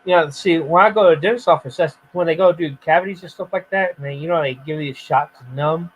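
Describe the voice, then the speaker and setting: A man hosting a casual voice chat stream, telling stories in an animated way and acting out the scenes with exclamations. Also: fairly high pitch, quick pace, slight background noise, rough recording. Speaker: streamer host.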